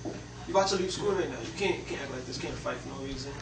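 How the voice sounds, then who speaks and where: A young man acting a nervous peacemaker who stammers and pleads with a friend to calm down, in a student film scene. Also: medium pitch, rapid-fire, natural voice. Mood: placating. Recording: echoey room, distant mic, loud noise.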